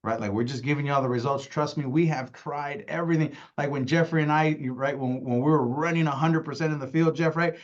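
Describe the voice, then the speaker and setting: A man's voice: on the high side, steady tone, quick pace, hardly any pauses, muffled recording. A man leading a sales training, speaking emphatically and often asking "right?" to his listeners. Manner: emphatic, repeats "right?" and "y'all". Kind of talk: insurance sales training talk.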